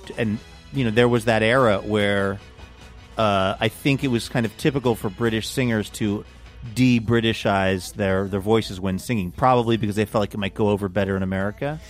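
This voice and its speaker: A man's voice: fairly low pitch, fairly even intonation, a little fast, soft background music. A man co-hosting a podcast in casual chat, rambling and playful as he runs a quiz. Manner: rambling, playful, self-mocking. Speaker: podcast co-host and quizmaster.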